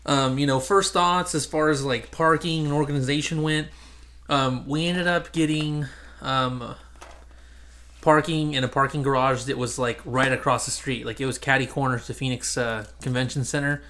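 Male podcast host, mid-pitched, rambling casual delivery with lots of fillers. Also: fairly even intonation, moderate pace, fairly bright tone. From Central California. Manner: rambling, many fillers and restarts. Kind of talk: casual chat.

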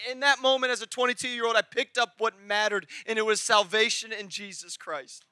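High bright-voiced man preaching. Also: steady tone, fairly quick, few pauses, smooth, no echo, clean studio sound. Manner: emotional testimony, swings from hushed to shouting. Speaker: pastor. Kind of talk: sermon. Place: church sanctuary.

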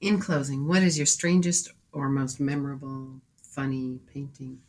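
A man's voice: mid-range voice, little pitch movement, moderate pace. A man hosting a casual interview, giving short encouraging replies and asking the questions. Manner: brief encouraging responses. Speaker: interview host.

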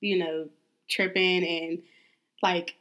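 A woman's voice: on the low side, level tone, slow, fairly bright tone. A woman co-hosting a podcast, talking candidly and with frustration in a casual chat. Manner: candid, frustrated venting, laid back. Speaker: podcast co-host.

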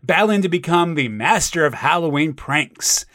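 A man co-hosting a podcast in relaxed banter, laughing often and steering the talk back to the topic. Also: a little high, normal speed, no echo, studio quality. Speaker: podcast co-host.

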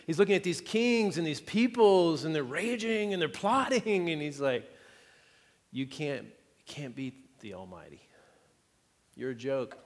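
A man's voice: a little high, big-room sound. A man preaching a sermon as pastor, in a conversational style with light humor and frequent rhetorical checks to the congregation.

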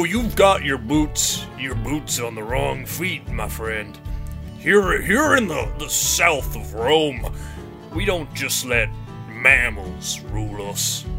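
A man's voice: mid-range voice, creaky, exaggerated voice. A man playing a blustering, lecturing local man. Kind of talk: improvised comedy sketch.

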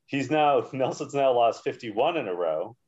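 A man co-hosting a podcast in casual chat, recapping quickly and making dry jokes. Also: medium pitch, expressive, a little mellow. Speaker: podcast co-host. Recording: dull lo-fi audio.

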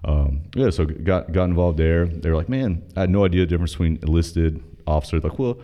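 Very deep-voiced fast-talking man. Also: lo-fi sound. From North Carolina. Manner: profane, animated, quotes dialogue in his story. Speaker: podcast guest, former Army officer. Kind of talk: casual storytelling.

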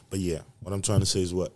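Deep-voiced profane podcast host. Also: male voice. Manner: profane, rambling, preachy motivational; repetitive emphatic delivery, swinging loud and soft. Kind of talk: casual solo podcast monologue.

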